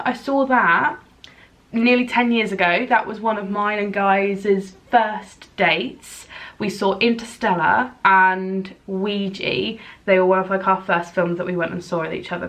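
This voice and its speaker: A woman's voice: mid-range voice, fairly bright tone. A woman in her late twenties from England, chatting casually and rambling in a vlog. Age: 20s. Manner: chatty, rambling, self-deprecating. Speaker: vlogger.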